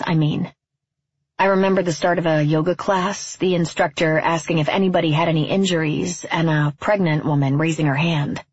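A woman from California narrating a first-person story in a wry, deadpan, reflective way. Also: on the low side, husky, no room sound, dull audio.

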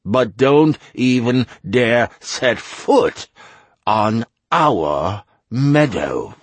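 A man's voice: mid-range voice, big pitch swings, drawn-out words, slightly rough, no echo, heavily acted. A man voicing a smug masked male councilman who makes pompous legal proclamations in a sing-song way. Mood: proclaiming.

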